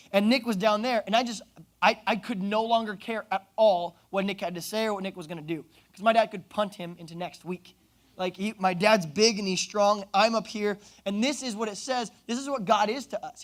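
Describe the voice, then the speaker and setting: A young man from Oklahoma preaching a youth sermon, telling stories with jokes and quick asides. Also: high voice. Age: young adult. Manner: animated, joking storyteller with asides. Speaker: youth pastor.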